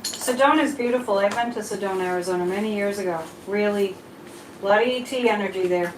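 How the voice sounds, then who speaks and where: A woman's voice: mid-range voice, fast talker, reverberant, a little hiss or hum, rough recording. A woman hosting a casual psychic live stream, chatting freely, reading viewer comments aloud and drifting off topic as she reads tarot cards. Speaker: psychic livestream host.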